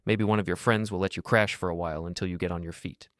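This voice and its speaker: A man with a deep voice reading the lines of a cold, curt father in a storybook narration. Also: steady tone, fast, a bit bright, no room sound, studio quality. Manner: curt, matter-of-fact. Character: cold dismissive middle-aged father.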